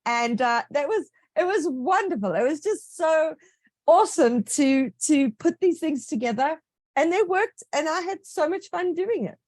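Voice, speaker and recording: Animated, fairly high-voiced woman author. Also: unhurried, dry recording, clean studio sound. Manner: lively, enthusiastic storytelling with asides. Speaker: author being interviewed. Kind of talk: casual interview answers.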